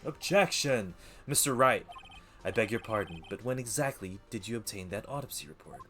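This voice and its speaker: A man voicing a cold, smug young male prosecutor who talks low, clipped and haughty. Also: expressive, normal speed, music in the background, lightly acted.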